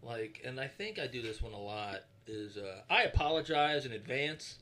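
A man's voice: medium pitch, animated, normal speed, sharp tone. A man co-hosting a podcast, making dry, wry remarks in casual chat. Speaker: podcast co-host.

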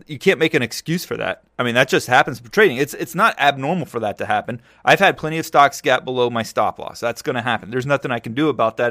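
A man hosting a casual solo podcast, telling stories in a loose, joking way, his voice jumping high when he gets excited. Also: dry recording, clean studio sound. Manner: animated storytelling, jumps high when excited. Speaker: podcast host.

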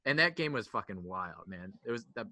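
A man's voice: lowish voice, expressive, brisk, sharp tone. A young man co-hosting a podcast, chatting in a laid-back, profane way. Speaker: podcast co-host. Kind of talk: casual chat.

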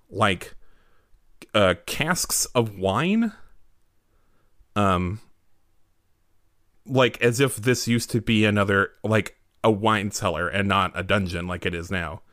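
Low-voiced man running a tabletop game. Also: a bit bright, no echo, studio quality. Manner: rambling, many fillers and restarts. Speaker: game master. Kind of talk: narrating a tabletop role-playing game.

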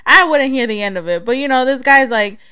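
A woman's voice: high-pitched, animated, brisk, sharp tone, clear, resonant tone. A young woman from the Chicago area hosting her own podcast, chatting casually and candidly, swearing freely and laughing easily. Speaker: podcast host.

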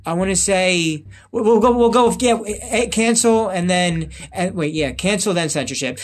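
A man hosting a podcast in casual chat, rambling through topics with many fillers and restarts. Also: high voice. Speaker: podcast host.

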